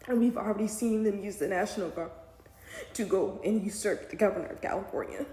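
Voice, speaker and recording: A woman's voice: medium pitch, a little fast, dark tone. Emotional woman in an echoey room. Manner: emotional, near tears, talks to viewers directly. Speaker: mom and online commentator. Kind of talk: casual reaction commentary. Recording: echoey room with faint background noise.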